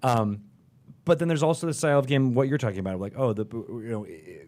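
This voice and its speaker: A man's voice: medium pitch, fast, a little mellow. A man in his forties hosting a podcast in a studio, explaining his points in a thoughtful, casual way. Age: 40s. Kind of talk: casual chat.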